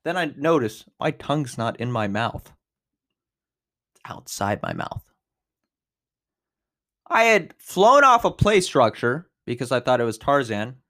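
A man in his twenties hosting a podcast, telling a personal story in a casual, animated way, with big jumps in pitch and loudness. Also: a little slow, long pauses. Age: 20s. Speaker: podcast host.

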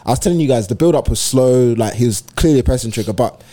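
A man co-hosting a casual football podcast, hoarse from losing his voice, laughing often. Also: medium pitch, animated, fast, mellow. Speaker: podcast co-host. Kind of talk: casual chat.

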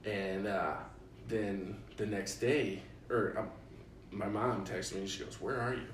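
A young man from Illinois tells a story with a low voice, acting out every line of dialogue and laughing as he goes. He sits a bit back from the mic in a roomy space, with faint ambience behind him. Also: a little slow, recorded from a distance, a little hiss or hum. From Illinois, USA. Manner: animated storyteller, acts out quotes, laughs often. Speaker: podcast host. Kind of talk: casual storytelling chat.

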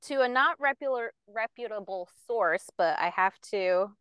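Chatty young woman with a smooth voice. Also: medium pitch, expressive, normal speed, fairly bright tone, dry recording. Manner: chatty, laughs often, hedges with "alleged". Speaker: podcast co-host. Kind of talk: casual pop-culture gossip chat.

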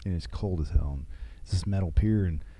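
A man, a military veteran, telling stories in a casual interview, with halting restarts. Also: low-pitched, warm tone, slightly rough.

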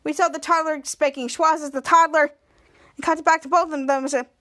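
Podcast host, woman, high-pitched and bright, animated episode recap. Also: a little fast. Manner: animated retelling with many restarts, acting out the lines.

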